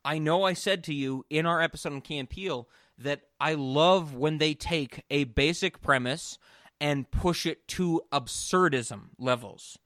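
A man's voice: on the high side, measured pace, no echo, studio quality. A man co-hosting a casual podcast, gushing and laughing as he acts out scenes. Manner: gushing, laughing, animated retellings. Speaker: podcast co-host.

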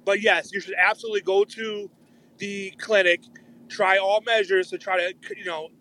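A man with a high, bright voice takes part in a casual Christian discussion. He apologizes again and again and repeats his points. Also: steady tone, moderate pace, low-quality recording.

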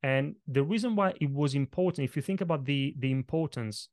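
A man's voice: a little high, brisk, dry recording, clean studio sound. Emphatic non-native man coaching on presenting. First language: not English. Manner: energetic, varied emphasis, punches and stretches words. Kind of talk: podcast interview, explaining tips.

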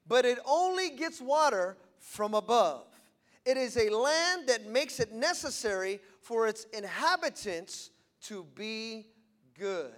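A man's voice: very high-pitched, bright, forceful tone. A male pastor preaching a sermon to a live congregation in a church, emphatic and repetitive, stressing key phrases.

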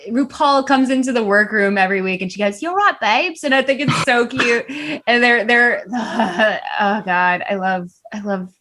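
A woman's voice: medium pitch, unhurried, few pauses, fairly bright tone. Young American woman, bubbly podcast guest, easy laughs, loose casual swearing. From United States. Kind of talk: casual interview chat.

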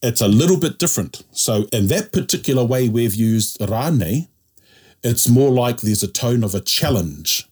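A man's voice: mid-range voice, lively intonation, moderate pace, a little mellow, breathy edge. A man teaching Māori grammar to a small group, patiently checking that everyone follows along. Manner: patient, checks understanding with "yeah?" and "ka pai".

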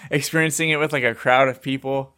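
A man's voice: mid-range voice, fairly even intonation, quick pace, pushed and bright, clean tone. A young man, a co-host rambling casually over a video call and swearing offhandedly. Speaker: podcast co-host. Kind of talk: casual chat.

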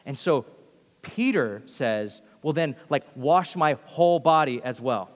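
A man preaching a sermon, telling the story with animated quoted voices and swinging from loud to hushed. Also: mid-range voice, a little slow, in a large hall.

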